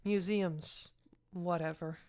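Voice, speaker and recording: A woman's voice: fairly low pitch, fairly even intonation, takes it slowly. A woman voicing a sullen, wisecracking male police sergeant who answers in short, curt replies.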